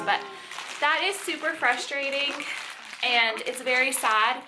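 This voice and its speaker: A woman's voice: high-pitched, measured pace, over music. A young woman vlogging as a stay-at-home mom, chatty and laughing often, sighing now and then. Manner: chatty, laughs often, sighs, talks to her kids. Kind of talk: casual home vlog.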